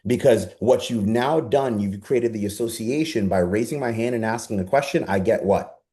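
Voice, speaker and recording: Man, coach, lowish voice, mellow tone, energetic, persuasive, video call. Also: normal speed. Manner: energetic, persuasive, rhetorical questions. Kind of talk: live online coaching session.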